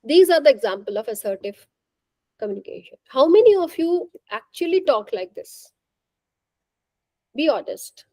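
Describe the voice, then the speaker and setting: Woman trainer, high mellow voice, dry close sound, coaching questions to the room. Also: sing-song, moderate pace, pauses often, dry recording, rough recording. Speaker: workshop trainer. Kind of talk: interactive faculty workshop talk.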